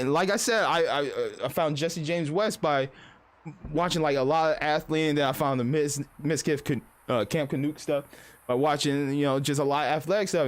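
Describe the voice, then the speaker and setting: A young man streamer on a casual livestream, ranting bluntly with lots of swearing. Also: fairly high pitch. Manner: profane, blunt, fast-talking.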